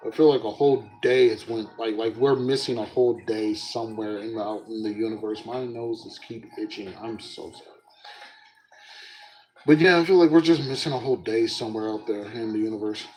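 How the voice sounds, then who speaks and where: Young man telling animated stories. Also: on the low side, brisk, low-quality recording. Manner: animated storyteller who often breaks into laughs. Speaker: solo podcast host. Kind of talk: casual solo chat.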